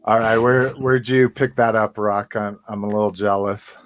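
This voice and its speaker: A man hosting a podcast, laid-back and quick to laugh, asking his co-host questions. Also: on the low side, steady tone, slight background noise. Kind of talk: casual podcast chat.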